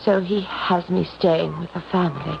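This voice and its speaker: A woman's voice: on the low side, fairly even intonation, normal speed, creaky. An actress playing a frail, melancholy young woman in an old-time radio drama, speaking delicately. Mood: wistful. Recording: dull old radio recording with faint hiss.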